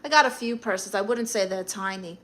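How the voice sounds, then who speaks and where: A woman's voice: mid-range voice, moderate pace, a bit bright. A middle-aged woman with a Brooklyn accent, hosting a live stream and reading chat comments aloud with blunt, sassy comebacks.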